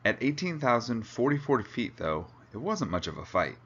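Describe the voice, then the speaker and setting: A man reading a novel chapter aloud with a steady, plain delivery. The recording sounds dull and lo-fi. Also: medium pitch, moderate pace, slightly rough. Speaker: reader.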